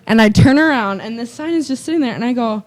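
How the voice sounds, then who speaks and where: A young woman, a volleyball player, telling practice stories with lively acted-out quotes and frequent laughter. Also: on the high side, fast talker. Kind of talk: casual storytelling on a panel.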